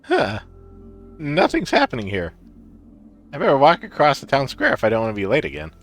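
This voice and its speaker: A man's voice: mid-range voice, huge pitch swings, brisk, faint music behind. A man voicing a friendly townsperson in a game stream, easygoing and chatty. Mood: curious. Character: friendly male townsperson who loves walking.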